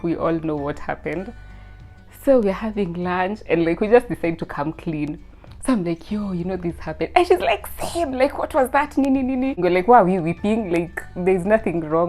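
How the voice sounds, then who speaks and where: A young woman, casually telling her personal faith testimony in a chatty, lively way. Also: lowish voice. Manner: chatty, lots of "like", lively, rising to loud excited bursts. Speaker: student sharing her testimony.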